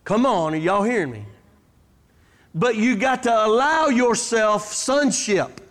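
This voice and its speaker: A man's voice: sits high, lively intonation, slow pace. A man preaching a sermon, telling stories with animation and drawing out his emphatic declarations. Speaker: guest preacher. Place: church sanctuary. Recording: church hall reverb.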